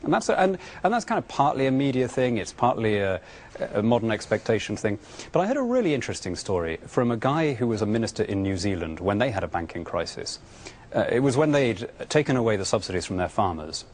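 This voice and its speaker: Low-voiced British man, lively delivery. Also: fast talker, slight background noise. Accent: British English. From Britain. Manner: earnest, argumentative, frequent stammered restarts. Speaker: politician guest. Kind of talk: remote TV interview answers.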